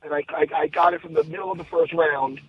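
A man hosting a podcast, telling a story in a casual, animated and profane way and laughing at his own story. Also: a little high, fast talker, breathy edge, dry recording. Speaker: podcast co-host. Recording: tinny, phone-like dry sound.

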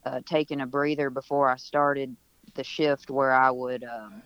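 A man's voice: mid-range voice, steady tone, unhurried, a bit bright, clean tone, dry recording, highs cut off. A man at home on a video call, a musician telling stories in a casual, rambling interview with many restarts. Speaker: musician guest.

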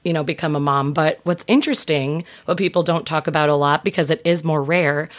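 A woman's voice: sits low, fairly even intonation, brisk. A woman in her thirties chatting casually as a podcast guest, telling a personal story candidly and with animation. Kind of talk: casual chat.

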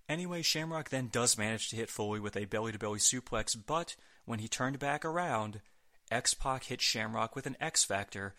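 Man, podcast host, scripted narration, sarcastic asides, bright forceful tone. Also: mid-range voice. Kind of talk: scripted wrestling recap narration.

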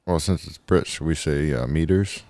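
A man's voice: rumbling low, brisk, dark tone, no echo. A man co-hosting a podcast, cracking jokes and cursing in casual chat. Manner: wisecracking, profane. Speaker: podcast co-host.

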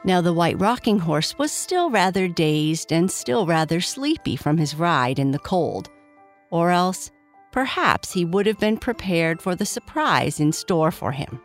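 A woman's voice: lowish voice, big pitch swings, measured pace, soft background music. Woman reading a children's story.

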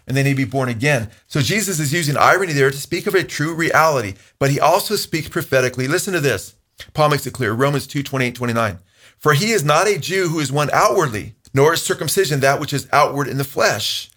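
A man's voice: fairly high pitch, a bit bright. A man teaching the Bible in a conversational way, earnest and emphatic, quoting scripture at length with some restarts.

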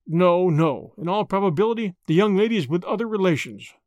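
A man reading the part of a grave, kindly older lawyer who speaks in a measured way. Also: high voice, lively intonation, a little mellow, no echo. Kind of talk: audiobook character reading.

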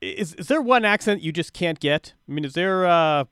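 A man interviewing a guest, asking questions in a halting way and often repeating words. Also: on the high side, animated, a bit bright, clean tone, no echo, clean studio sound. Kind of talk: conversational interview.

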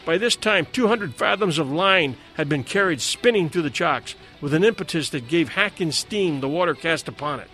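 A man reading a dramatic sea adventure aloud as a narrator, in a measured way. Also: on the high side, animated, fairly bright tone, faint music behind. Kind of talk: scripted story narration.

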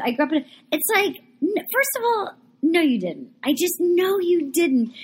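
A woman's voice: sits high, normal speed, a little hiss or hum. A woman co-hosting a casual chat, animatedly retelling a reality show, quoting people and swearing freely. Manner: animated storyteller, quotes people in put-on voices, swears freely. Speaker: podcast co-host.

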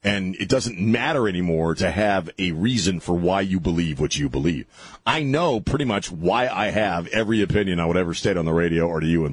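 A man's voice: deep voice, slightly rough, no room sound. A man hosting talk radio, ranting sarcastically through an opinionated monologue and often restarting his sentences.

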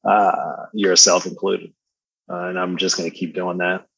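A man with a baritone voice chatting as a podcast guest, slangy and laid-back, laughing often. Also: level tone, measured pace, vocal fry, a bit bright, breathy edge, no echo, muffled recording. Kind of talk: casual conversational storytelling.

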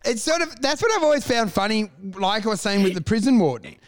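An excitable, sweary man who is a comedian co-hosting a podcast in casual chat. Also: high-pitched. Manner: excitable, sweary, quick to laugh.

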